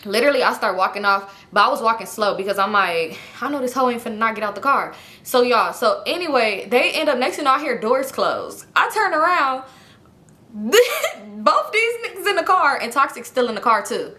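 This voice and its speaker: A young woman telling a personal story in a casual, animated way, swearing freely and talking straight to her viewers. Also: on the high side, moderate pace. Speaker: storytime vlogger.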